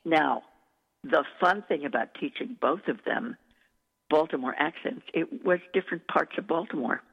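A woman's voice: deep voice, lively intonation, moderate pace, vocal fry, husky. A woman dialect coach telling stories in an interview, effusive and enthusiastic. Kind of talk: interview storytelling. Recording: echoey, tinny phone-like recording.

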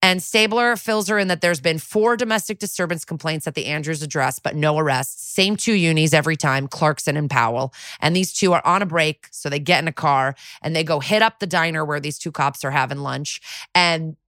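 Woman recapping a tv show on a podcast, kinda low voice, says like a lot, cusses, dry close sound. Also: brisk, a bit bright, no echo. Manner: chatty, lots of "like", swears freely. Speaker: podcast co-host. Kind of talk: casual TV episode recap.

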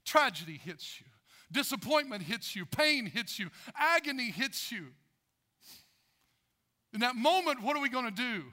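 A man's voice: extremely high pitch, sharp tone. A man preaching a sermon as pastor, with an emphatic, repetitive cadence.

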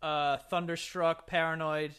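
A young man chats casually on a podcast and answers with dry humor. His voice is bright and a little high. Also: flat delivery, a little slow, clear, resonant tone. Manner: dry, joking replies. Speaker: podcast co-host. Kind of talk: casual chat.

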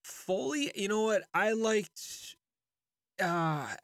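A man co-hosting a casual podcast, telling stories in an animated way and quick to laugh. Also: high voice, no room sound. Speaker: podcast co-host. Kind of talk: casual hockey podcast chat.

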